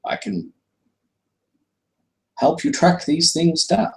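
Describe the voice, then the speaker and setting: A man's voice: on the high side, takes it slowly, vocal fry, voice pushed up, low-quality recording. A man voicing a polite, fussy male shopkeeper with a monocle, speaking in a courteous, hesitant, formal way. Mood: intrigued.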